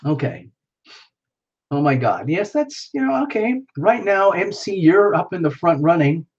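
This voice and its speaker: A man's voice: a little high, a little mellow, lo-fi sound. A man hosting a casual livestream, chatting playfully with viewers and reacting to their comments. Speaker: livestream host.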